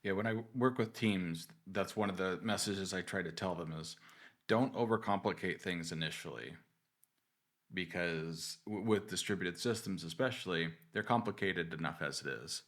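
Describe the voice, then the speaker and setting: A man hosts a technical podcast interview with a somewhat low voice. He asks questions in a relaxed, conversational way and now and then trips over his words. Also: moderate pace. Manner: conversational, some stumbles. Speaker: podcast host. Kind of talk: casual interview.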